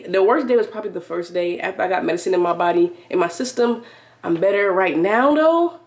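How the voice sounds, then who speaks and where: A woman vlogging to her camera in a room at home, chatty and upbeat, her voice stuffy from a cold. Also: mid-range voice. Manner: chatty, upbeat, talks straight to viewers. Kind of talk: casual vlog chat to camera. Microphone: compact camera mic.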